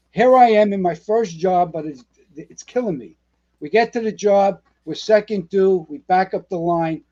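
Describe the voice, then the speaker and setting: A man's voice: high-pitched, highs cut off. A man in his sixties from the Bronx with a New York accent, a retired fire captain telling salty, profane stories as a podcast guest. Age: 60s. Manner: salty, profane, animated storyteller. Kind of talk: storytelling interview.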